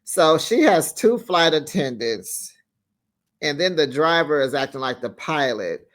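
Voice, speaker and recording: This man runs a reality TV recap channel and chats sassily through his show commentary, laughing often as he goes. His voice is a little high, a bit bright and expressive, and his pace is a little slow.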